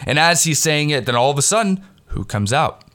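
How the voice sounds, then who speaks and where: A man excitedly recapping a wrestling event in a rambling, casual way, swearing freely, recorded on a headset mic at home. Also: on the high side, brisk. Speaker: wrestling fan recapping a pay-per-view. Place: home recording in the Pittsburgh area. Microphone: headset mic with headphones.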